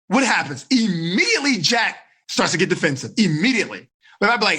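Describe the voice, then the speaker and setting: Male teen life coach, animated teaching style, bright husky voice. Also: high voice, quick pace. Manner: animated, acts out dialogues, asks thumbs up or down.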